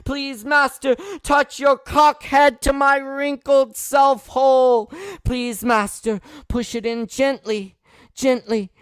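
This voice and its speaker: A man hosting a live-streamed poetry open mic. He reads poems with loud, impassioned outbursts and talks in relaxed, quick asides between them. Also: very high voice, smooth, no room sound, studio quality. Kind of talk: live-streamed poetry reading and host talk.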